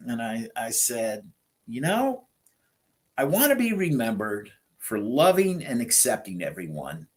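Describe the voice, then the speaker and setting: A middle-aged man telling his story in an interview, animating the quoted dialogue with lively jumps in his voice. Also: on the low side. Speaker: guest sharing transplant story.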